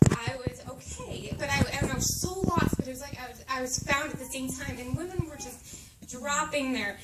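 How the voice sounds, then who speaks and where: A woman in her thirties giving a heartfelt, emotional faith testimony to a group in a meeting room. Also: high voice. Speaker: speaker sharing her testimony. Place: meeting room at a moms' camp. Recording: echoey room, distant mic, background noise.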